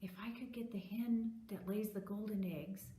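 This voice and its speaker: A woman voicing a young boy, Jack, thinking his sneaky, hopeful plan in a hushed way. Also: mid-range voice, fairly even intonation, normal speed, close to an everyday voice. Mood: scheming. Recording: echoey room.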